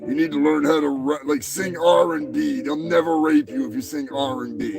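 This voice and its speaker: A man hosting a show in a crude, profane comedy rant, mocking people and shouting when worked up. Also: on the high side, very animated, fairly quick, creaky, hardly any pauses, loud music behind the voice. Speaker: podcast host.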